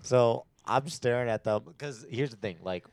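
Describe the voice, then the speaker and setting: A young man chatting casually as a podcast co-host, telling animated stories with lots of fillers. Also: mid-range voice, moderate pace, dry recording. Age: young adult. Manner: animated storytelling with many fillers. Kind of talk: casual chat.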